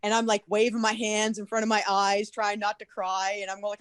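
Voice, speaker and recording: A woman in her forties on a video call, telling an animated story in casual chat and swearing freely. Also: mid-range voice, brisk, smooth, dry recording. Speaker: guest at a podcast meet-up.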